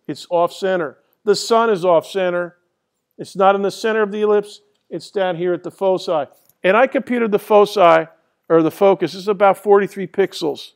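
Male lecturer, high-pitched, loose and chatty with lots of ums. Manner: rambling and conversational, many fillers and restarts. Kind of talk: classroom lecture. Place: lecture hall.

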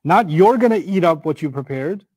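A middle-aged man teaching a scripture lesson in a conversational, animated way, acting out everyday examples. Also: fairly high pitch, moderate pace, slightly rough, dry recording. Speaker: Quran teacher. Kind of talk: explanatory lecture on scripture.

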